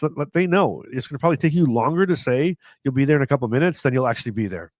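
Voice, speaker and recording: A man's voice: medium pitch, animated, very fast, darkish tone, no echo. Chatty laughing man, dry close sound. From Canada. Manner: chatty, self-mocking, laughs often, repeats and restarts. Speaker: vlogger. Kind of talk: casual storytelling to camera.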